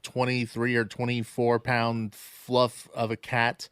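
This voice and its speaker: A middle-aged man co-hosting a podcast in relaxed, casual chat, chiming in with short agreements. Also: mid-range voice, slow, smooth, dry recording, clean studio sound. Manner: easygoing, chimes in with short agreements. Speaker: podcast co-host.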